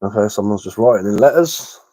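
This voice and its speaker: A man, a little hoarse from being ill, chatting casually on a livestream and answering comments with lots of hesitant fillers and repeated words. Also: lowish voice, lively intonation, a little fast, mellow, no echo, rough recording. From England. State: slightly hoarse from illness. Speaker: bushcraft livestreamer.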